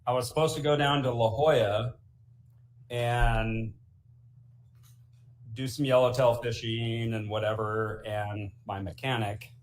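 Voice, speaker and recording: Slow-talking joking man. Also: medium pitch, fairly even intonation. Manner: loose, joking, laughs often. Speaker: guest co-host. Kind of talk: casual late-night chat.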